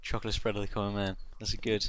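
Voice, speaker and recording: Young male co-host, low voice, deadpan storyteller who laughs often, dry close mic. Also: rapid-fire, no echo. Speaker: podcast co-host. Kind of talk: comedic casual chat.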